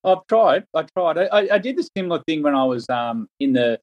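A man's voice: on the high side, sing-song, fairly quick, highs cut off. A man with an Australian accent, a former cricketer, telling anecdotes in a casual podcast chat. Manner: anecdotal storyteller.

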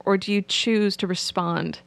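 A woman psychotherapist speaks as a podcast guest, her voice sitting in a middle register with a gravelly, fry-tinged edge. She tells stories about her clients in a frank, candid way. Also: mid-range voice, steady tone, unhurried. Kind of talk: podcast interview.

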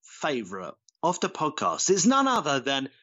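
A man with a mid-range voice and a swinging, animated delivery co-hosts a chatty podcast. His voice comes through a slightly dull, lo-fi mic as he reads listener comments. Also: a little high, normal speed. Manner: relaxed, reads listener comments aloud with lively intonation. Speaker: podcast co-host. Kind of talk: casual podcast chat.

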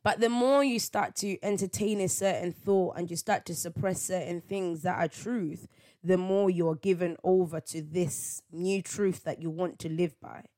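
A woman's voice: on the low side, steady tone, normal speed, darkish tone. A woman hosting a solo faith podcast, talking in a reflective, conversational way with many rhetorical questions. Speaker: podcast host.

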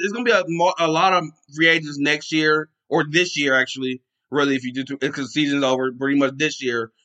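A man talks through his own sports podcast in a loose, unscripted way, worked up and rambling and restarting his sentences mid-thought. His voice sits a little higher than most men's and has a bright, forceful edge. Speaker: podcast host. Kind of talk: casual sports podcast talk.

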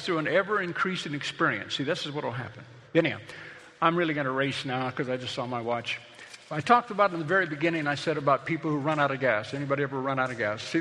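A man's voice: a little high, pushed and bright, long reverb tail, slight background noise. A middle-aged man, a pastor, preaching a sermon in a conversational, storytelling way that builds to emphatic points.

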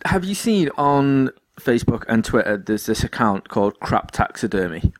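A man's voice: mid-range voice, big pitch swings, moderate pace. Giggly man, podcast co-host. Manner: giggly, rambling, enthusiastic. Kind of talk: casual chat.

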